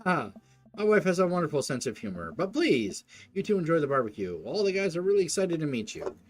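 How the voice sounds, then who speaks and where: A man's voice: a little high, very animated, a little fast, faint music behind, voice pushed up. A man voicing an eager, welcoming suburban dad. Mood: friendly. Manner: upbeat, welcoming. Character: cheerful suburban dad host, eager and polite.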